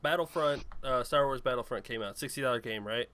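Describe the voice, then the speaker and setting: A man's voice: mid-range voice, fairly quick, bright, forceful tone. A man co-hosting a gaming podcast, complaining at length in a rambling, exasperated way with lots of fillers. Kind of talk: casual chat.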